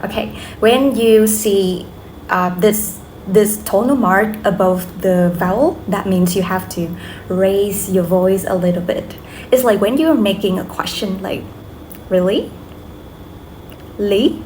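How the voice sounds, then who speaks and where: A woman's voice: medium pitch, darkish tone, slight background noise. A young woman with a Vietnamese accent teaching a language lesson, speaking patiently and saying "okay" often. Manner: slow, patient, repeats drills, many "okay"s. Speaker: language tutor.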